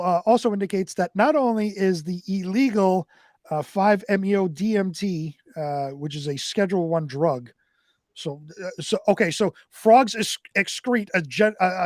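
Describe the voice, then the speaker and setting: A man co-hosting a talk radio show reads strange news items in a fairly high voice. He halts often and trips over words he can't pronounce. The sound is dry and close. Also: animated, a little mellow, no room sound. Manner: halting, stumbling over hard words. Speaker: radio co-host reading news. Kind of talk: reading weird news stories on talk radio.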